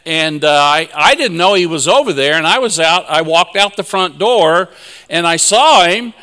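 Man, sermon with folksy chuckling anecdotes, bright tone, long reverb. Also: a little high, expressive, moderate pace. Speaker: conference speaker.

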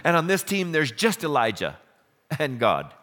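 A man's voice: fairly high pitch, moderate pace. Preaching man in a reverberant hall. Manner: storytelling, animated retelling of scripture. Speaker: pastor. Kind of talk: sermon.

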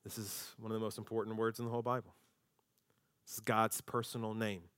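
Lively, animated male pastor preaching. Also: on the low side, brisk, no room sound, clean studio sound. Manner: animated, shifts his voice when acting out quotes; conversational and humorous. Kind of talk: sermon.

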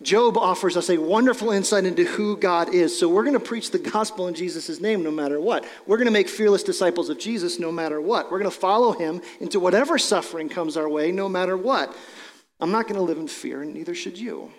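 A man's voice: high-pitched, fairly quick, long reverb tail. A man preaching a sermon as a pastor, explaining scripture in a conversational way with casual asides.

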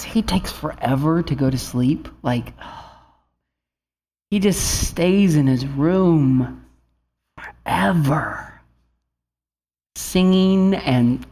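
A man in his thirties, a pastor, preaches an earnest sermon and tells a family story, at times rising into fervent appeals. His voice sits on the high side and sounds a little mellow.

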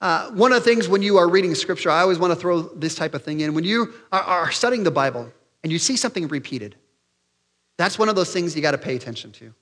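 A man preaching a sermon as pastor, animated and excitable, acting out the voices of the people he quotes. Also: fast, big-room sound. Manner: animated, acts out quoted voices, raises pitch and volume for emphasis; excitable, loses his place in notes.

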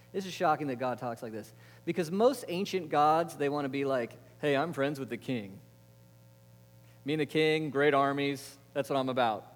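A man preaching a sermon, asking the congregation questions and answering them himself, moving between emphatic lines and quiet, intimate ones. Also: a little high. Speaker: pastor. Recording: long reverb of a large hall.

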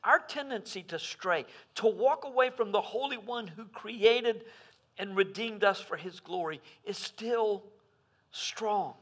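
Male pastor, sermon, high voice, bright tone, loud emphasis and hushed asides. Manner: preaching with sudden swings between loud emphasis and hushed asides.

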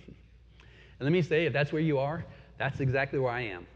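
A pastor in his forties, medium-pitched and speaking at a normal speed, preaches earnestly, his force swelling and falling. The recording sounds dull, with long hall reverb.

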